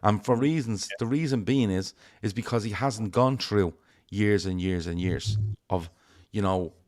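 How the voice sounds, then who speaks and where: A man's voice: lowish voice, a little slow, darkish tone. Blunt, sweary man. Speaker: fan show panelist. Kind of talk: casual chat.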